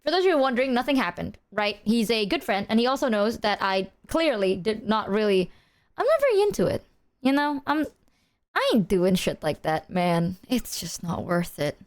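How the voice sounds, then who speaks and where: A woman streamer telling a story to her chat in a casual, animated way, swearing freely. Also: mid-range voice, normal speed.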